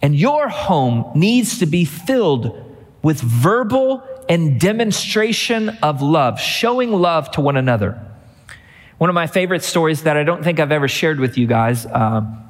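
A man's voice: fairly high pitch, sing-song, unhurried, big-room sound. A middle-aged man preaching a sermon as pastor, telling a family story and building to emphatic repeated refrains.

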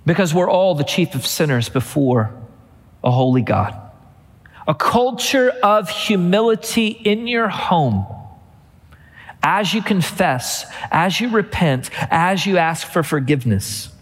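A man's voice: high-pitched, expressive, slow, big-room sound. A middle-aged man preaching a sermon as pastor, telling a family story and building to emphatic repeated refrains.

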